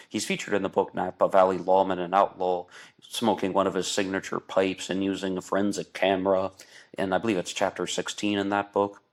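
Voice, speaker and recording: A man with a low, deep voice hosts an online radio show in casual, rambling commentary. He talks at length and slips into exasperated asides. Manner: talkative, exasperated asides, mocks with put-on voices. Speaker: podcast host. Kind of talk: casual true-crime commentary.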